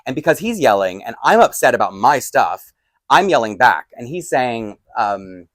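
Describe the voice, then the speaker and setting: A man telling a storytime vlog, acting out both sides of a heated argument and getting loud. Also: mid-range voice, sing-song, moderate pace, dry recording, clean studio sound. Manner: lots of fillers and restarts, laughs between lines. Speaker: doll collector vlogger. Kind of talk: storytime vlog, animated retelling. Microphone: desk microphone.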